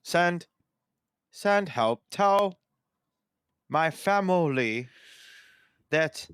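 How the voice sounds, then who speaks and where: A man putting on a flat, stereotypical customer-service voice, playing a weary co-host pleading to be rescued. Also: a little high, extremely slow, clean tone, no echo, clean studio sound, voice pushed up, full character voice. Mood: mock despair. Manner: flat, plodding, mock-pleading.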